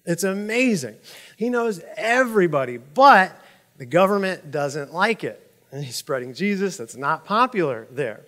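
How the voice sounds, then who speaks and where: A man preaching a sermon as pastor, telling stories in a lively, conversational way with frequent asides to the congregation. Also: sits high, moderate pace, big-room sound. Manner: animated storytelling, chuckles at own jokes.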